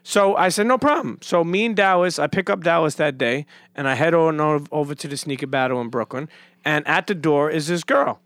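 A man's voice: fairly high pitch, brisk, a bit bright, dry recording. Rambling, profane male podcast host. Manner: rambling, profane storyteller full of restarts. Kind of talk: casual podcast chat.

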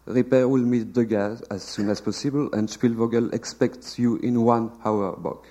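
A man's voice: mid-range voice, steady tone, moderate pace, warm tone, close to an everyday voice. A man reading the lines of a brusque male detective agency chief with a curt, bossy manner. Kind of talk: literary reading of a novel translation.

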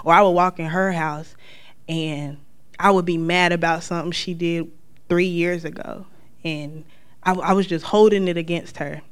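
A woman from North Carolina, sharing a personal testimony as a lively storyteller who acts out the lines of the people in her story. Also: lowish voice, normal speed, clean tone.

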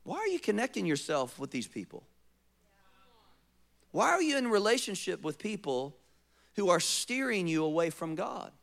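A male pastor preaching a sermon, acting out quotes and asking rhetorical questions, sometimes dropping to a soft, close appeal. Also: high-pitched, very animated, moderate pace, creaky, pauses often.

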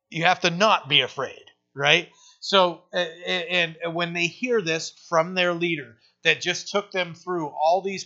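A man's voice: a little high, bright, forceful tone. A man preaching a conversational sermon to his church and often asking "right?" to his listeners. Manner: rhetorical questions, asks "right?" often. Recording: dull lo-fi sermon recording.

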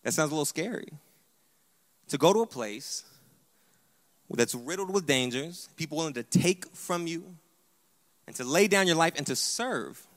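A man preaching a sermon to his church congregation, animated and emphatic, often urging "hear me". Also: on the high side, moderate pace, long pauses, big-room sound. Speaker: pastor. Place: church sanctuary.

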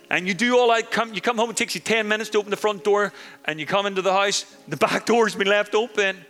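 High bright-voiced male preacher. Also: quick pace. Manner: animated storytelling, addressing the congregation directly. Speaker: pastor. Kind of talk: sermon. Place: large church hall. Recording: echoey hall, faint music.

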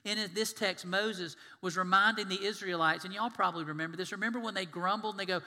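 A man preaching a sermon, animated and storytelling, acting out the scenes he describes. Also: sits high, fast. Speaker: pastor. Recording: long hall reverb.

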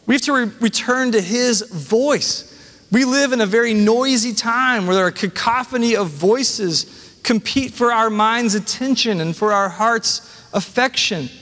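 A man's voice: very high voice, measured pace, bright, forceful tone, in a large hall. A man in his thirties, a pastor preaching a sermon and reading scripture with personal asides.

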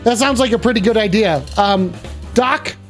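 A man hosting a crude comedy live stream, taking callers and talking loud and profane, often bursting into yelling. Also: high voice, moderate pace, faint music behind.

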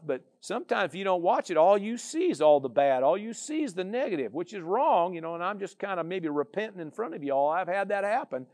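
A man's voice: high-pitched, a little mellow. A man preaching a sermon as a pastor, with a conversational style full of "you know" and "amen".

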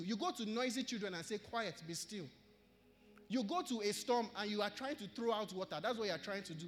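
A man with a Nigerian English accent preaching an earnest sermon to his church and repeating key phrases for emphasis. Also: high voice. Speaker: pastor. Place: church hall. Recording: long church hall reverb.

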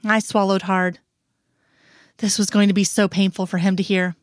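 A woman reads a first-person story aloud at a steady, measured pace. Her voice sits in a middle register. The recording is dry and close. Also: mid-range voice, dry recording. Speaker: reader. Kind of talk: first-person fiction reading.

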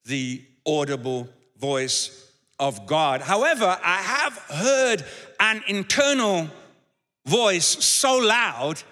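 Male pastor preaching, high bright voice, chatty and repeats himself, big echoey church. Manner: conversational, repeats words, shifts into acted quotes. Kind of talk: sermon.

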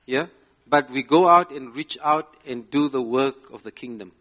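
At a moderate pace, a man with a medium-pitched, somewhat bright voice preaches to a live congregation as slides are shown. Emphatic in delivery, he keeps asking "yeah?" and breaks into laughter between phrases.

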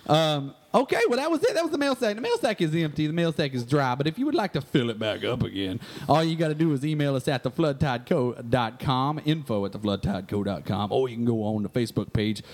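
A man's voice: medium pitch, animated, fast talker, few pauses. Man doing a rambling Southern fisherman. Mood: pitchman. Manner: drawling, rambling, self-important. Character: grizzled Southern fisherman man, scheming entrepreneur. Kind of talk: comedy sketch podcast.

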